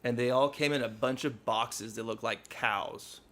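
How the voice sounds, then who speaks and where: A man's voice: mid-range voice, a little slow, fairly bright tone. Laid-back joking young man. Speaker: podcast co-host. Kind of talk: casual chat. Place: apartment.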